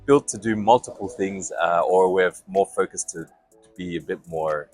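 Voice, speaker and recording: Low-voiced man, thoughtful chat. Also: darkish tone, dry recording, soft background music. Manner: thoughtful, reflective, with pauses and restarts. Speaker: company CEO, interview guest. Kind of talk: casual interview chat.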